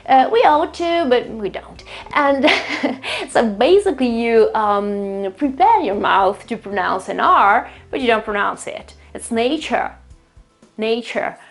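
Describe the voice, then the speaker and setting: A woman with an Italian accent leads a casual online English lesson, and her voice sits a little higher than most. She talks in a chatty, explanatory way, saying each example word several times so learners can copy it. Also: sing-song, measured pace, gravelly. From Italy. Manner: chatty, explains step by step, repeats words to model pronunciation. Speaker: English teacher, channel host.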